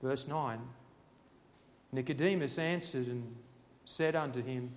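A man preaching a sermon and reading scripture, fervent and building to loud, emphatic passages. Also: medium pitch, sing-song, takes it slowly. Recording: long reverb in a large hall.

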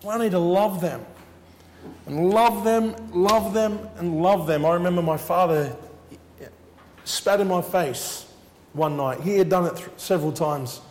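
A man's voice: high-pitched, a little slow, in a large hall, a little hiss or hum. A man preaching a sermon as he shares his testimony, earnest and repeating his words for emphasis.

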